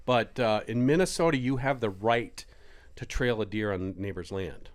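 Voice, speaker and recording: A middle-aged man telling a hunting story on a podcast in casual chat, acting out quotes with sudden jumps in pitch. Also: normal speed. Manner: animated, acts out quotes with big pitch jumps.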